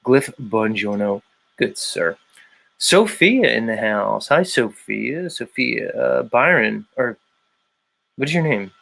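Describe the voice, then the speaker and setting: A man's voice: mid-range voice, expressive, takes it slowly, vocal fry, a bit bright. A man hosting a livestream in a casual chat, reading out viewers' names and arguing his points. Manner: reads out chat names, argumentative. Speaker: livestream host.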